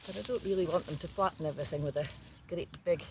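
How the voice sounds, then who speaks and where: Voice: mid-range voice, fast, background noise. An older vlogger chatting casually in a matter-of-fact way while working outdoors in a garden. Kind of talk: casual chat.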